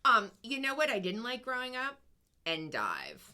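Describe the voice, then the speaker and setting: A woman's voice: on the high side, wildly swooping pitch, normal speed, sharp tone. A middle-aged woman co-hosting a podcast, making teasing, wry asides in casual chat. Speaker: podcast co-host.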